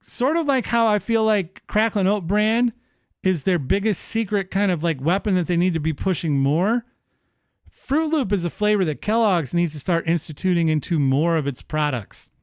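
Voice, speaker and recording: A man's voice: sits high, normal speed, smooth, dry recording, clean studio sound. A man hosting a live stream, chatting casually and animatedly, swearing and playing up his feelings. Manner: animated, profane, mock-emotional. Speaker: show host. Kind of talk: casual livestream chat. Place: streaming setup.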